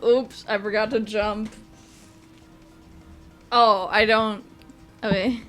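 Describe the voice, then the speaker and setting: Giggly slow-talking woman streamer. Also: medium pitch, little pitch movement, a bit bright, soft background music. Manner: giggly, laughs often, crude. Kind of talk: live game-stream chat.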